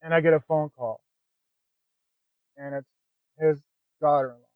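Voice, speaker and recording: A man's voice: on the high side, fairly even intonation, unhurried, no room sound. A man as a podcast guest, telling his own story in a candid, conversational way and often adding "man" and "you know". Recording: dry, phone-like narrow sound.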